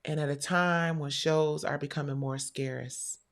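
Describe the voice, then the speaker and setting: A woman's voice: low voice, fairly even intonation, a little slow. A woman hosting a live stream show, telling a story in a candid, blunt and profane way. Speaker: livestream show host. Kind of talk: casual livestream talk.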